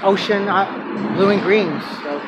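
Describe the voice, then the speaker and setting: A man's voice: high-pitched, measured pace, heavy background noise. A man talking emotionally in a casual personal vlog, rambling and restarting his sentences. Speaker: vlogger.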